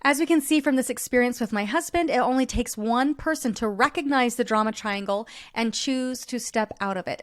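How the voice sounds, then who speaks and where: A woman's voice: fairly high pitch, no echo, clean studio sound. A woman hosting a personal-growth podcast, telling a personal story in an earnest, reflective way with light laughs. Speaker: podcast host.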